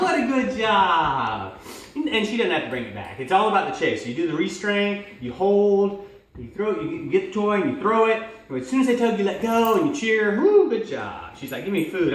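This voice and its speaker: Guy teaching dog training, chatty and loose, yelps good girl in a high voice, booming echoey room, mic off at a distance. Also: slight background noise. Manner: loose and rambling, breaks into high excited praise for the dog. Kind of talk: casual hands-on instruction.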